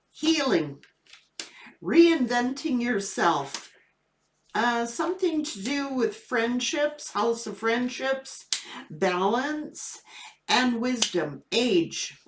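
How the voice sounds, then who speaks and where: A woman's voice: a little high, lively intonation, very slow, pauses often, slight background noise. A woman doing a casual tarot reading video, telling a funny story with plenty of laughter. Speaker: tarot reader. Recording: echoey room.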